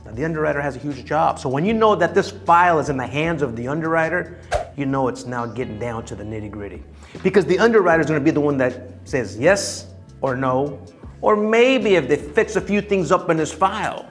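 Animated male real estate instructor. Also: fairly high pitch, a little fast, over music. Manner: lively, theatrical, acts out dialogues. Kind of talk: animated teaching talk.

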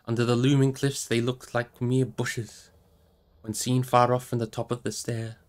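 A man's voice: mid-range voice, level tone, normal speed. Man reading a novel aloud. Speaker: audiobook reader on a live stream.

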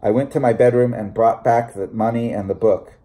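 A man reading a short story aloud in a measured, deliberate narration. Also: mid-range voice, fairly even intonation, mellow. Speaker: audiobook reader. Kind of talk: scripted narration.

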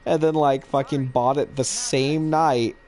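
A man co-hosting a casual gaming chat, swearing freely, excitable and laughing often. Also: medium pitch, measured pace. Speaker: co-host.

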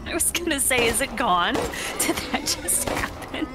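A woman's voice: high voice, sing-song, unhurried, loud music behind the voice. A young woman co-hosting a let's-play, bantering and teasing her dad in casual chat. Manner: playful, teasing. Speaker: co-host of a gaming channel.

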